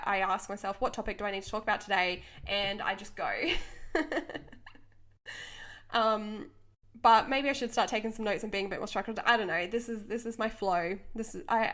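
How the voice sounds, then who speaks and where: A young woman speaks off the cuff as a podcast host and coach, earnest and full of passion. Her voice sits at an ordinary middle pitch for a woman, and she breaks into quick laughs between thoughts. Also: fairly bright tone. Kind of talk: unscripted motivational podcast monologue.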